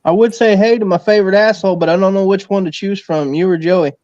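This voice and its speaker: A man with a high voice trades crude, teasing banter in casual chat. The sound is dry and a little dull. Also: fairly even intonation, fast talker, darkish tone, no room sound.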